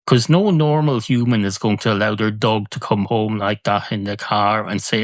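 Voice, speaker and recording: A man's voice: lowish voice, fairly even intonation, moderate pace, hardly any pauses, dry recording. A man hosting a comedy podcast alone, rambling through silly musings and correcting himself mid-thought. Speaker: podcast host. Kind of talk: comedic solo monologue.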